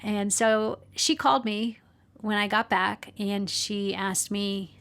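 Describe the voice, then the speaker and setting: A woman's voice: mid-range voice, level tone, slow pace, fairly bright tone. A middle-aged woman, a podcast guest, telling a personal story with earnest emotion and small laughs.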